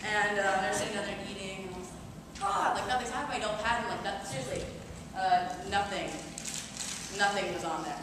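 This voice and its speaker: A woman's voice: medium pitch, fairly quick. Distant woman comic in an echoey hall. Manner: rambling anecdotal storytelling, full of "like". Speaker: stand-up comedian. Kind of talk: stand-up comedy set. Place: performance hall with an audience. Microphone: no microphone, projecting her voice. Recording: echoey hall from far off, noisy room.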